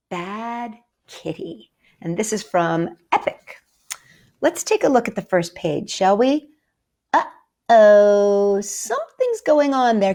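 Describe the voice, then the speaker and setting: A woman hosting a children's story time, reading picture books and poems in a sing-song, encouraging way and talking straight to the kids. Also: fairly low pitch.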